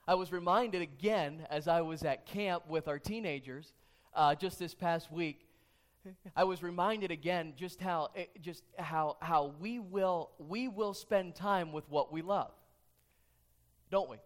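Pastor, male, slightly high voice, earnest sermon delivery with repeated questions. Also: measured pace. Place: church sanctuary.

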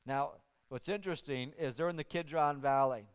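A man's voice: fairly high pitch, moderate pace, smooth. A man preaching a sermon, retelling scripture in a casual, conversational way with frequent restarts.

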